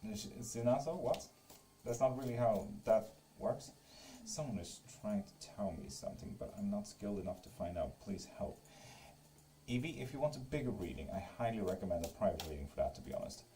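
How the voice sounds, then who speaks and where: A man's voice: on the low side, animated, a little fast, mellow, slight background noise. A man doing live tarot readings in casual stream chat. He reads viewers' comments aloud, teases them and swears freely. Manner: joking and teasing.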